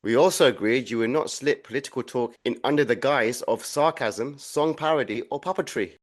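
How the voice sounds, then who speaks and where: A man voicing a dim, grumbling trooper who says whatever comes to mind. His voice is mid-pitched and plain, delivered flatly and bluntly. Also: fairly quick, natural voice. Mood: grumpy. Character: dim, grumpy male soldier bunkmate. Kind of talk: audio comedy acting.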